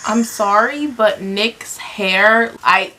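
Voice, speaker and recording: A woman's voice: mid-range voice, extremely slow, bright, forceful tone, low-quality recording. A young woman hosting a movie commentary, chatting casually and reacting aloud as she gushes over what she watches.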